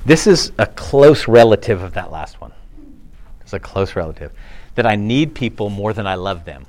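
A man in his thirties preaching a sermon in a conversational, animated way, acting out quotes and laughing often. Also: on the low side, moderate pace. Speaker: pastor.

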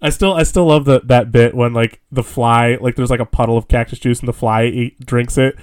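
A man's voice: mid-range voice, fairly even intonation, fairly quick, a little mellow, clean tone. A young man co-hosting a podcast, rambling casually with lots of fillers and frequent laughter. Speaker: podcast co-host. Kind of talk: casual chat.

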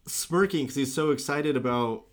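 A man co-hosting a casual movie discussion, animated and quick to act out lines. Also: mid-range voice. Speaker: podcast co-host.

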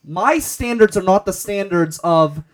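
A man's voice: sits high, lively intonation, a little slow. A man co-hosting a casual podcast chat, ranting in blustery, mock-indignant bursts. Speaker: podcast co-host.

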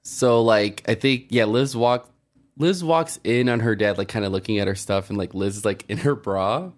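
A man's voice: lowish voice, normal speed. A man co-hosting a podcast who recaps a TV episode in a hesitant, filler-heavy way. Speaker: podcast co-host. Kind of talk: casual recap chat.

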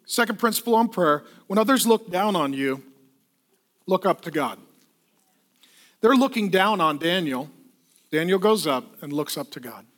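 A middle-aged male pastor preaching a sermon, telling a funny personal story in an animated, self-deprecating way. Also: sits high.

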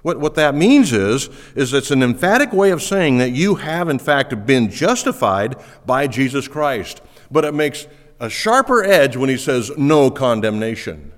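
A man's voice: medium pitch, sing-song, unhurried, in a large hall. A man preaching a sermon as pastor, emphatic and earnest, repeating words as he drives home each point.

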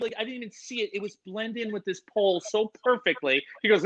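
A man who breeds reptiles, telling stories in casual chat with lots of fillers and swearing, getting animated. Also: high voice, a little fast, hardly any pauses, low-quality recording.

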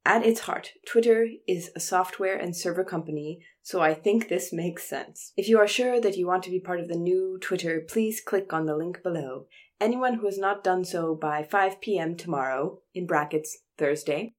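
A woman's voice: fairly low pitch, moderate pace, lightly acted. A woman reading out a tech boss's email in a mock-serious, put-on British accent.

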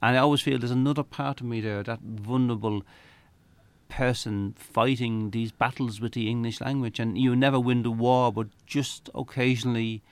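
A man's voice: mid-range voice, fairly even intonation, normal speed, clear, resonant tone, no echo. A man with an Irish accent talking reflectively about his writing as an interview guest, often repeating words as he starts a thought. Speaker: novelist guest.

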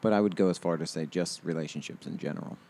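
Man, 30s, very low voice, loose rambling podcast host full of filler words. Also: fast talker, warm tone. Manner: rambling, heavy on fillers and restarts, laughs often. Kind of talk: casual chat. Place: outdoors.

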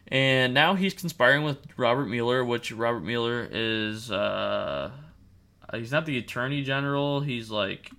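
A man rants through his solo podcast in a bright, forceful voice that sits at an ordinary middle pitch. He fires off rhetorical questions and keeps circling back over his own words as he pushes his point. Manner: repeats and restarts words while ranting. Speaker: podcast host. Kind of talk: opinionated solo podcast rant.

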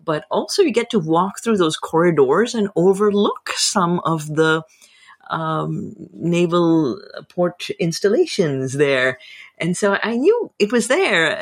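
A woman author with a husky, slightly low voice, moving between casual interview chat and expressive reading from her book. Her pitch rises and falls widely as she tells the story. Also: a little slow. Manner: animated, expressive reader.

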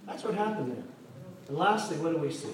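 Brisk and animated, this man's fairly high voice carries through a church sermon full of jokes and questions for the congregation. The pastor sounds distant in the echoing hall, and there is a faint hum of noise.

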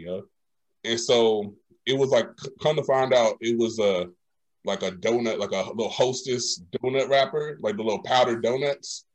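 A young man telling a story in casual chat, animated and slangy, acting out the lines of the people in it. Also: medium pitch, moderate pace.

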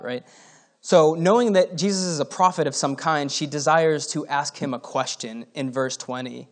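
A man's voice: mid-range voice, fairly even intonation, normal speed. A man preaching a sermon in a casual, conversational way, reading scripture aloud and breaking off into asides with the odd chuckle.

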